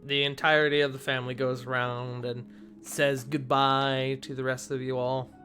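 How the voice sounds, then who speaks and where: A man narrating as the game master of a tabletop game, easygoing and quick to laugh. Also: medium pitch, flat delivery, sharp tone, faint music behind.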